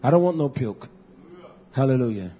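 Blunt fiery male preacher, husky voice. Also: animated, normal speed, dull audio. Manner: blunt, repetitive, swings between shouting and low muttering. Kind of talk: fiery sermon.

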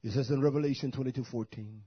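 Male preacher, husky and dry, blunt and scolding, dull lo-fi sound. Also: medium pitch, fast, dry recording. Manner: preaching with frequent hallelujahs and Hebrew terms. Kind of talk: sermon.

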